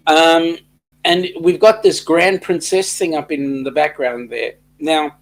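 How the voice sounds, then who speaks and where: A man's voice: on the high side, fairly even intonation, slow pace, slight background noise. A middle-aged Australian man co-hosting a casual livestream chat, reading out viewer comments with a joking manner. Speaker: co-host of a cruise chat livestream.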